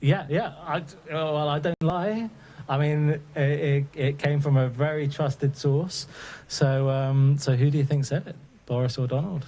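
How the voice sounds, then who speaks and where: A man hosting a casual live online chat show, unhurried with frequent pauses. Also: fairly high pitch, steady tone, dark tone. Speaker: show host.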